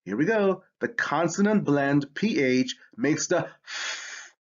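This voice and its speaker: A man's voice: on the high side, lively intonation, unhurried, dull audio. A man teaching a spelling lesson, explaining with enthusiasm. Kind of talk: educational lesson.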